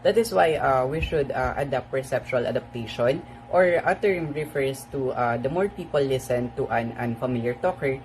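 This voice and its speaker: Student presenter, medium pitch, many fillers, faint background noise. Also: normal speed, hardly any pauses, darkish tone, poor audio. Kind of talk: class presentation.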